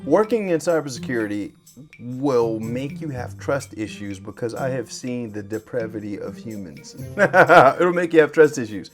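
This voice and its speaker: A man who works in cybersecurity, telling a scam story to his viewers in a lively way. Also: moderate pace, soft background music. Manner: lively, swings pitch and loudness when acting out chats. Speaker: cybersecurity vlogger. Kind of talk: animated storytelling to camera.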